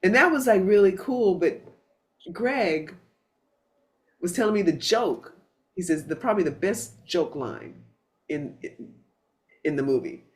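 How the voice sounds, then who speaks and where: A woman hosting a spiritual gathering, telling stories in a casual, animated way, with frequent restarts and some swearing. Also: fairly low pitch, unhurried, pauses often. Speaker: satsang host.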